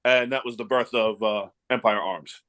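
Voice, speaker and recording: A man's voice: lowish voice, moderate pace, dry recording. A man from the New York area, an event promoter, telling a story and acting out each person's lines. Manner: animated, acts out dialogue in anecdotes. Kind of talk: casual storytelling.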